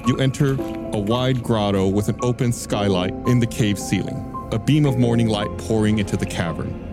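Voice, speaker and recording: A man's voice: lowish voice, normal speed, over loud music. A man running a tabletop game as game master, setting the scene in descriptive narration.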